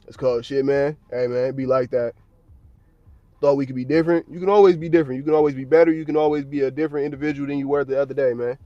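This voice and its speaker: A man's voice: medium pitch, flat delivery, quick pace, no echo, highs cut off. An American man livestreaming from his parked car at work, chatting casually in a blunt, slang-heavy, profane way. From United States.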